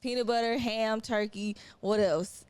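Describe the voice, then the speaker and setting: A woman's voice: on the high side, fairly even intonation, a little slow, a little mellow, clear, resonant tone, dry recording. A young adult woman co-hosting a podcast, talking bluntly and emphatically in casual slang. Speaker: podcast co-host. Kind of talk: casual chat.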